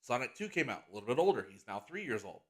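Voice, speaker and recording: A man hosting a casual solo podcast, his voice sitting at an ordinary middle pitch. He talks in a rambling, enthusiastic way, full of "like" fillers and false starts. He turns earnest and a little soppy on a heartfelt subject. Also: sing-song, fast, fairly bright tone, breathy edge. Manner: rambling, enthusiastic, heavy use of "like" and restarts; gets emotional and earnest about a heartfelt topic. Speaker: podcast host.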